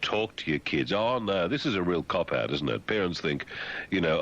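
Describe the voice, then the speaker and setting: This radio man talks low-pitched but swings his voice up and down as he mocks the news. His tone is bright and sharp, and he keeps jumping into silly put-on voices. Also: expressive, normal speed, lo-fi sound. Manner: mocking, puts on silly voices mid-sentence. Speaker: radio host. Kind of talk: satirical radio commentary.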